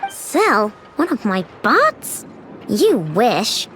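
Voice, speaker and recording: Over background music, an actress voices a video game character, a spirited young woman who runs a craft shop. Her very high-pitched voice is very animated at a moderate pace. She talks bluntly and cheekily.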